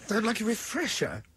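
A man hosting a morning radio show, quick and teasing in his banter. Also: very high-pitched, a little hiss or hum. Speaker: radio host.

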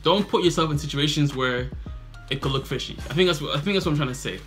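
Bright-voiced guy reacting to a clip, chill rambly advice, repeats stuff, faint music under it. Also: on the high side, fast. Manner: relaxed, repeats himself, loose slang. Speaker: video reactor and channel host. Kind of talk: casual commentary and advice.

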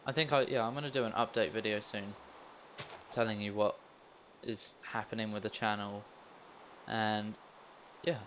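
A man's voice: lowish voice, fairly even intonation, normal speed, pauses often, fairly bright tone, slight background noise. A young man giving casual commentary while playing a game, rambling and joking at his own expense. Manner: rambling, self-mocking asides. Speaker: let's play gamer.

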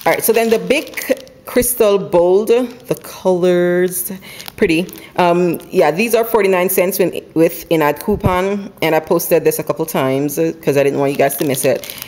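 A woman chatting casually at home about her couponing haul, running through prices quickly and laughing now and then. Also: fairly low pitch, a little mellow. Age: adult with school-age kids. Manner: chatty, quick, runs numbers aloud, laughs often. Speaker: couponing vlogger. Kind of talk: casual haul video chat. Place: home, indoors.

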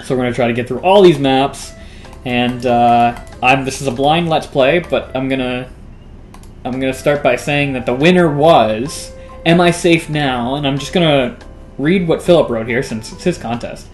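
A man's voice: mid-range voice, normal speed. A man hosting a casual let's play, chatting with lots of fillers and stifled laughs. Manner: chatty, giggly, many fillers and restarts. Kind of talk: casual gameplay commentary. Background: faint music.

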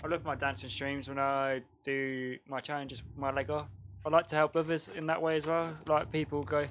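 A man live-streaming a game, giggling constantly and yelping excited exclamations between casual chat. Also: fairly high pitch, moderate pace, a little hiss or hum. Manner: giggly, laughing through his words.

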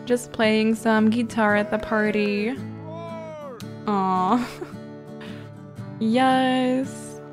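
A woman hosting a gaming video, reacting to the game in excitable, giggly casual commentary. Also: fairly high pitch, drawn-out words, long pauses, music in the background. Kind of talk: casual let's-play commentary.

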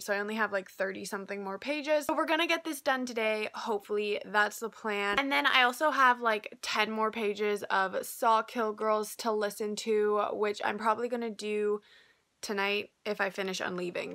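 A woman's voice: mid-range voice, pushed and bright. A young woman chatting casually to camera in a book vlog, rambling with lots of filler words. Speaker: book vlogger.

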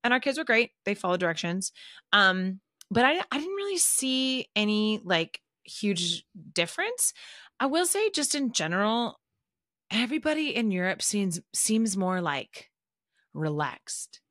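Bright, chatty woman. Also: mid-range voice, sing-song, unhurried, no room sound, clean studio sound. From Southern California. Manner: chatty and digressive, with lots of "like" fillers. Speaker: teacher and podcast regular. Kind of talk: casual podcast chat.

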